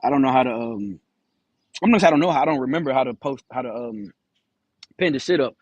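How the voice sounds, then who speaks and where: Candid man, slightly high voice. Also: lively intonation, fast, vocal fry, husky, dry recording, dull audio. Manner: candid, profane, acts out quoted dialogue. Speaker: truck driver. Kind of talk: casual storytelling vlog.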